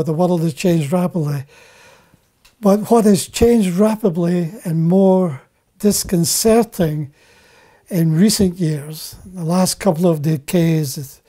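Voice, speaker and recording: Slow, mellow older male preacher. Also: sits high. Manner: deliberate, halting, repeats words for emphasis. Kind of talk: slow spoken Bible teaching.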